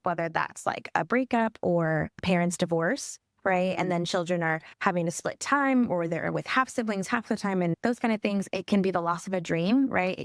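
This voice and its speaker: A woman's voice: fairly low pitch, gravelly, no echo, clean studio sound. Woman guest talking about grief. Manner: says "like" and "right?" often. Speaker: grief program coordinator, guest. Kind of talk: casual storytelling and explaining.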